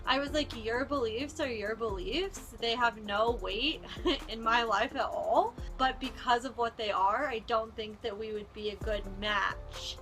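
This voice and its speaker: A woman's voice: on the high side, measured pace, a bit bright. A young woman vlogger telling a storytime in a chatty, sarcastic way, full of "like", with faint music behind. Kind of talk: casual storytime.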